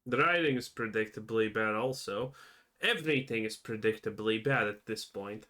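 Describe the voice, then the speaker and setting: A man's voice: fairly low pitch, moderate pace, bright, forceful tone. Sarcastic male co-commentator, dismissive and mocking.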